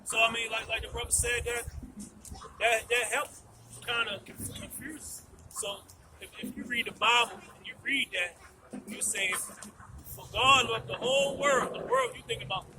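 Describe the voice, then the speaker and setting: A man outdoors reading scripture aloud and explaining it slowly. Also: very high voice, fairly even intonation, distant mic, noisy background.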